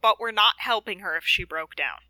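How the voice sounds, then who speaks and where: A woman's voice: mid-range voice, lively intonation, a little fast, pushed and bright, dry recording, poor audio. A woman playing a tabletop game, wry and full of questions. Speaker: player.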